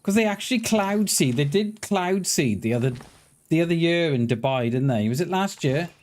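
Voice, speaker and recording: A man live-streaming a game, chatting excitedly with viewers, swearing casually and stumbling over his words. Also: fairly high pitch, moderate pace. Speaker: livestreamer. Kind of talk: casual live-stream chat while gaming.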